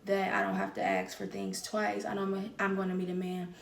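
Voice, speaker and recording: Woman podcast host, candid personal monologue, emphatic with repetition, mid pitch, roomy echo, a little off-mic. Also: sing-song, a little fast, recorded from a distance.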